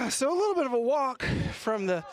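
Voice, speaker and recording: A man doing local play-by-play of a high school soccer game, out of breath and chatty, with folksy asides. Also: sing-song, normal speed. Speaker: play-by-play commentator. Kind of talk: local sports commentary. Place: press box at outdoor field.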